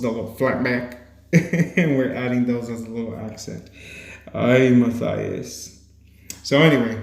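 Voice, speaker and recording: A man's voice: medium pitch, a little mellow. A man hosting a casual craft tutorial voice-over, playful and chatty, laughing often. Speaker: crafting channel host. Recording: echoey room.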